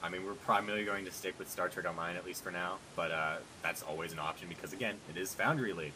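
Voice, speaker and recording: A man's voice: sits low, fast, bright, forceful tone, a little hiss or hum, low-quality recording. A man hosting a podcast, chatting casually and joking as he rambles through plans for the show. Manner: rambling, joking, upbeat promo talk. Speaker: podcast host.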